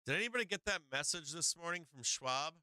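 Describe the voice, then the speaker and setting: A man's voice: on the high side, a little fast, clear, resonant tone, dry recording. A middle-aged man hosting a live stock market stream, chatting casually with viewers and swearing freely. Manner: excitable, swears freely, talks to chat. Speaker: stock market livestream host. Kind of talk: casual live trading commentary.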